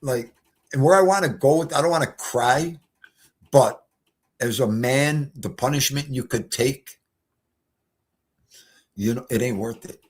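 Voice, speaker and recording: A man's voice: medium pitch, measured pace, pauses often. A man hosting a casual livestream chat, rambling and emotional as he talks to his guests and the chat. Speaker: livestream host.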